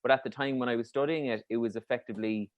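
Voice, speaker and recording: A man, a comedian, muses in a middle-pitched voice and laughs easily. The recording sounds dry and close. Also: fairly even intonation, racing, dry recording, lo-fi sound. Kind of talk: casual chat.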